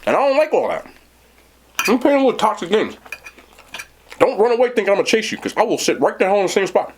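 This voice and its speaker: Talking at a quick clip, a husky-voiced mukbang host delivers a long, lively story as his pitch rises and falls sharply. His tone is casual and animated, aimed right at his chat.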